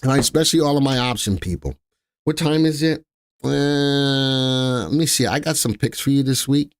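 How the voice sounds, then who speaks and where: Male host for a live market stream, mid-pitched, talks off the cuff, dry close sound. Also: clean tone, dry recording. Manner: chatty, thinks aloud, reads ticker letters slowly. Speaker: stock market show host.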